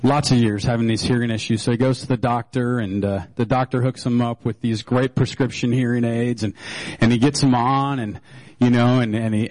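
Joking pastor, loose and filler-heavy. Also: male voice, mid-range voice, a little mellow, no echo, poor audio. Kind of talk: sermon.

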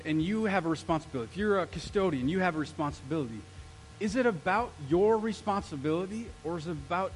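A male pastor preaching an energetic sermon, throwing questions out to the congregation. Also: a little high, slight background noise, rough recording.

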